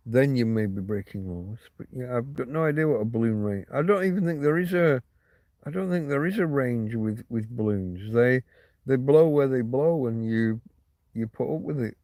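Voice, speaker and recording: A man's voice: mid-range voice, expressive, moderate pace, darkish tone, dry recording. A man hosting a casual livestream, rambling through stories and answering viewer comments. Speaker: livestream host.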